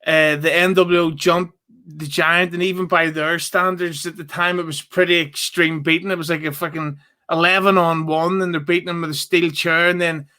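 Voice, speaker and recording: A man's voice: a little high, level tone, moderate pace, sharp tone, clear, resonant tone. A man, a podcast guest who chats casually, swears freely and jokes at his own expense. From Northern Ireland. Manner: swears freely, self-mocking humor. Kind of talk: casual chat.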